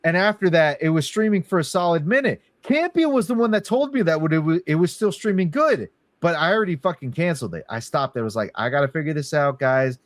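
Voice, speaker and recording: A man's voice: a little high, lively intonation, fast talker, few pauses, no room sound. A young man, chatting casually as a podcast co-host, rambling and swearing between laughs. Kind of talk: casual chat.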